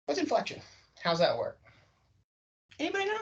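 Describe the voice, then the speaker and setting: A man teaching a sales class, stretching his pitch high and low to show how inflection works. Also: a little fast, vocal fry, distant mic, dull audio. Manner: animated, swings pitch up and down for demonstration. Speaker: sales trainer. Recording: voice from across a room.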